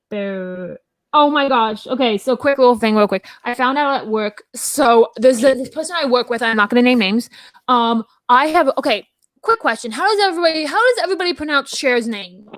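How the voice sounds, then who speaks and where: Woman, slightly high voice, rambling casual chat, dry close sound. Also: normal speed, no room sound. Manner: rambling, animated storytelling with many restarts. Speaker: podcast co-host.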